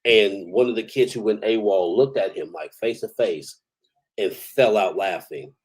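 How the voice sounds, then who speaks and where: A man's voice: fairly low pitch, unhurried, husky, low-quality recording. A man, an army veteran, telling stories in a casual, profane, rambling way and chuckling now and then. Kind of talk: casual storytelling.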